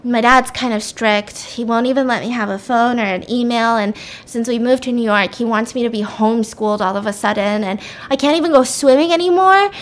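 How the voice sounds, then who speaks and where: A woman voicing a sweet, homesick teenage boy in an earnest, gentle way while she retells a story. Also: a little high, a little fast, few pauses, close to an everyday voice.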